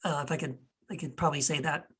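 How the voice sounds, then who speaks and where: A man's voice: on the high side, steady tone, quick pace, fairly bright tone, slightly rough. An enthusiastic man hosting a casual podcast chat about films. He rambles, restarts his sentences and voices puzzled rhetorical questions with plenty of animation. His talk is loose and unscripted. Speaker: podcast host and author.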